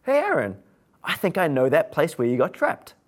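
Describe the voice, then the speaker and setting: A man's voice: a little high, huge pitch swings, moderate pace. A man voicing a chatty male stranger who casually offers a know-it-all tip in a breezy, matter-of-fact way.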